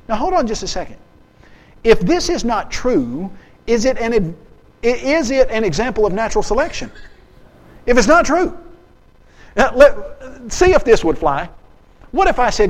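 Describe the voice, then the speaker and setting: A high-pitched man speaking at a seminar, with plenty of emphasis. He acts out short exchanges and throws questions at the crowd. His voice carries a long reverb through a large hall. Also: normal speed. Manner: lively and emphatic, acts out dialogues and asks the audience questions. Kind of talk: animated seminar lecture.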